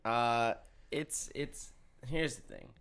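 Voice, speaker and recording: Lively easygoing male co-host. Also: medium pitch, takes it slowly, creaky, smooth. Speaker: sports show co-host. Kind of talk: casual chat.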